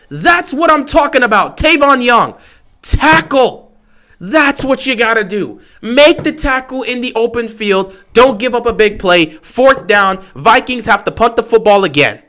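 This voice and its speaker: Excitable high-voiced male sports fan. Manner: excitable, talks straight to his team. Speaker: fan livestream host. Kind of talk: fan play-by-play commentary.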